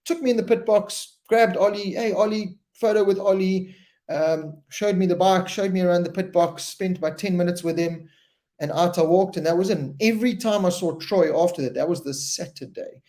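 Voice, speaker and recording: A man hosting a casual live-stream chat, talking in a loose and animated way and often repeating words as he tells a story. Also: high-pitched, normal speed. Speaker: host.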